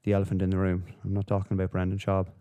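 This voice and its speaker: A man's voice: sits low, completely flat delivery, racing, dark tone, smooth, muffled recording. A man hosting a solo podcast, rambling and swearing through casual commentary with lots of fillers. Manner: profane, rambling, with frequent fillers. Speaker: podcast host.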